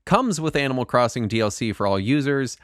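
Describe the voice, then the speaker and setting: A man co-hosting a casual video game podcast, animated and jokey as he runs through the week's news. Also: mid-range voice, fairly quick, dry recording, studio quality. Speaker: podcast co-host.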